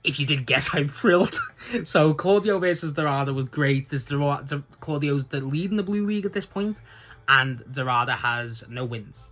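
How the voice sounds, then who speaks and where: A man with a bright, forceful voice talks through a casual solo review. He rambles and gushes enthusiastically about his favourites, often breaking into laughter. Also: fairly high pitch, moderate pace. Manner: chatty and rambling, laughing as he goes. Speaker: wrestling show reviewer.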